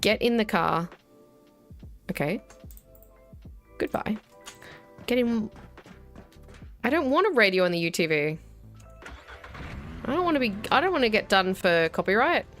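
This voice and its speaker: Her voice is mid-range and a bit bright, swinging widely in pitch, moving at a measured pace with long pauses. The Australian woman in her thirties hosts a gaming video, offering wry, casual commentary and narrating each step over faint game music and keyboard clicks.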